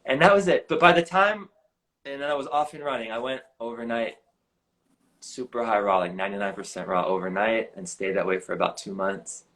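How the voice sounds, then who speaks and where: A man in his forties with a slightly low voice tells his story with animated earnestness. He talks casually and fills his sentences with "like". The sound comes over a live video stream. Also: brisk, poor audio. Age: 40s. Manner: earnest, animated, heavy use of "like". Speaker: guest. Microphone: live video stream on a phone or computer.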